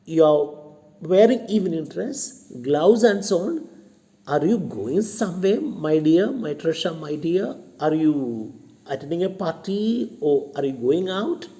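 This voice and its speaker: A man's voice: a little high, lively intonation, slow, dark tone. Chubukov, a man reading a fawning old landowner. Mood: gushing. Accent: Indian English. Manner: gushing, piles on endearments. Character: fawning older male landowner, sugary and sly.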